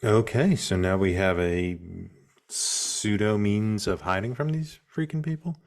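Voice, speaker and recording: A man with a very low, deep voice chats casually while he plays a text adventure with friends. He thinks aloud about each move and slips jokes in along the way. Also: a little slow. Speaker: player.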